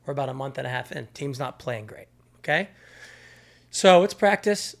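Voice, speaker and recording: A man in his thirties with a lively, animated voice that swings up and down in pitch. He tells a story in a casual podcast chat, laughing often as he goes. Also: normal speed, gravelly. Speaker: podcast guest, former college catcher.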